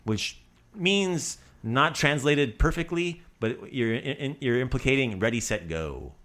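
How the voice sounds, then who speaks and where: Co-hosting a podcast, a man patiently teaches a friend Croatian phrases in a casual lesson, repeating them slowly. His voice is medium in pitch, expressive and a bit bright.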